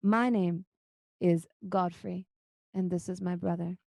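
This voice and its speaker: A woman's voice: fairly low pitch, steady tone, a little slow, vocal fry, a little mellow, no room sound, studio quality. A woman voicing a thin, scholarly, timid half-elf man who speaks in a hesitant, placating way.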